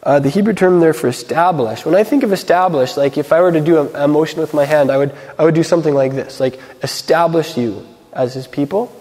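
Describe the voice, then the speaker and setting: A man giving a casual, conversational sermon as a Messianic teacher, full of fillers, slowing down to read scripture. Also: fairly high pitch, warm tone. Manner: conversational, filler-heavy, reads scripture slowly. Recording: long hall reverb.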